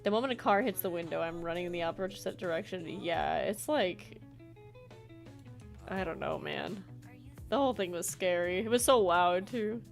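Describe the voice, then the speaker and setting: A woman's voice: lowish voice, moderate pace, vocal fry, soft background music. A woman streaming a video game, chatting casually and giggling as she plays. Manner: chatty, giggly, explains her character voices. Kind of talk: casual chat while playing.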